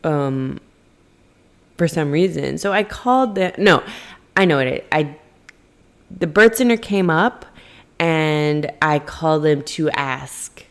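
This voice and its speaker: A young woman with a low voice tells a personal story on her podcast. She talks casually and rambles, often breaking off to correct herself. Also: expressive, slow pace, long pauses. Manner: rambling, self-correcting, many fillers. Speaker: podcast host.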